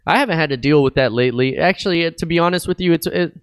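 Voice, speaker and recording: Guy w a telling stories on a podcast, kinda high voice, dry mic. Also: very fast, clear, resonant tone, dry recording. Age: adult with kids. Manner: animated storytelling, slips into Spanish. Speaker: podcast guest. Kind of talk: casual chat.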